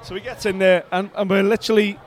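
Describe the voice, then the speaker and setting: Male podcast co-host, high voice, rambling, excitable storytelling. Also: fast, soft background music. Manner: rambling, excitable anecdote-telling. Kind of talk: casual storytelling. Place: arena seats at a boxing event.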